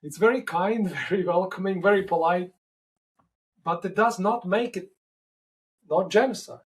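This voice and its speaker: A man answering interview questions in a halting way, often repeating and restarting words. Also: high-pitched, low-quality recording. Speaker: podcast guest.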